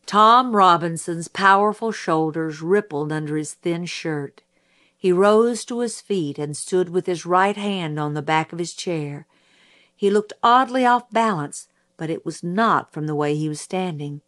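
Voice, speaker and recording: A woman with a lowish voice reads a novel aloud in a steady, unhurried way. Her narration is plain and even between the dialogue. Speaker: audiobook narrator. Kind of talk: scripted narration.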